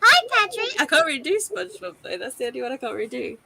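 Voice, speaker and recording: A woman's voice: high voice, lively intonation, very fast, creaky, bright, forceful tone, slightly rough. A woman hosting a casual live reading stream, chatty and giggly, often breaking into laughs. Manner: giggly, jokes and tries silly voices. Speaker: booktube host.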